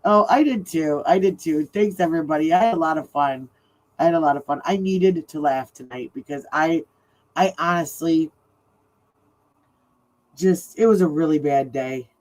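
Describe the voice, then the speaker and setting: A woman's voice: deep voice, normal speed, a little mellow, poor audio. Chatty laughing woman livestream host. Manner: chatty, laughs often while telling stories. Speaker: true crime livestream host. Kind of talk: casual livestream chat.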